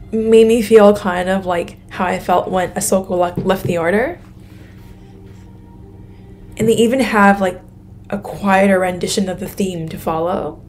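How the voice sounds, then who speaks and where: Young woman gasping thru a reaction vid, slow drawn-out talk, faint music behind. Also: medium pitch. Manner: excitable, gasping, thinking aloud. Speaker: reaction video host. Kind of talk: live reaction commentary.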